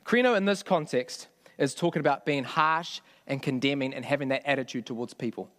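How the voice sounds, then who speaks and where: A man's voice: mid-range voice, normal speed. Chatty male preacher in a reverberant hall. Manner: conversational, asks the congregation questions. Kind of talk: sermon.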